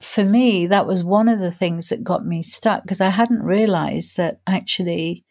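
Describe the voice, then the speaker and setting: A woman in her sixties, a grief coach telling her own story in an interview, reflective and earnest, slowing down to stress key points. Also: on the low side, a little mellow. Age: 60s. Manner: reflective, earnest, slows down for emphasis.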